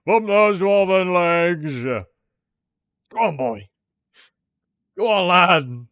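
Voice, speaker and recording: A man voicing a dwarf warrior, gruff, loud battle cries, strained high push, dry close sound. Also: expressive, very slow, no room sound, heavily acted. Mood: rousing. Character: gruff male dwarf warrior urging troops.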